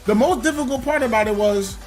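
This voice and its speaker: A man chatting casually on a gaming live stream, telling stories in an animated way and laughing often. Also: very high-pitched, fairly quick, faint music behind. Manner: animated storytelling with frequent laughs.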